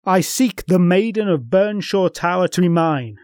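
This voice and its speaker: Arrogant noble suitor, voiced by a male storyteller, measured and proud. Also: sits high, lively intonation, darkish tone, no echo, clean studio sound. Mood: demanding. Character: arrogant young lord, proud and persistent.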